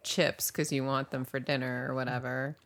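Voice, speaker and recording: Low, gravelly woman co-host. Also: little pitch movement, normal speed. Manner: laughing, teasing interjections. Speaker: podcast co-host. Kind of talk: casual podcast chat.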